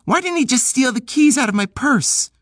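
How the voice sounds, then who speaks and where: A male narrator doing a tough, sassy young woman, pitched well above a man's voice. She is blunt and brash, swearing and teasing freely. Her lines sound dry and close, as in a studio audiobook. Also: animated, moderate pace, fairly bright tone, no room sound.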